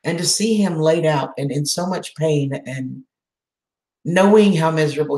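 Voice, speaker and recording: A woman's voice: deep voice, normal speed, reverberant. Emotional woman chatting with viewers. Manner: emotional, warm, reads and answers viewer comments. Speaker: channel host doing a live chat. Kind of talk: casual live-stream chat.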